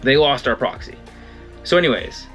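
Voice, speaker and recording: A man's voice: mid-range voice, moderate pace, loud music behind the voice. Rambling young man telling a story. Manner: rambling, self-correcting, animated quoting. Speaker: vlogger. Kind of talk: casual storytelling.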